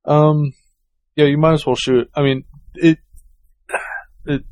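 A man's voice: fairly high pitch, fairly even intonation, slow, darkish tone, no echo. A man co-hosting a casual chat, hesitant and full of restarts. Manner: hesitant, many ums and restarts. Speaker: podcast co-host.

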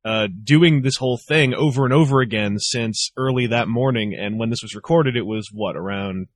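A man's voice: mid-range voice, moderate pace, no room sound. Guy hosting a chat, rambly, keeps restarting, dead dry sound. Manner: rambling, self-interrupting. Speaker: podcast host. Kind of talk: casual chat.

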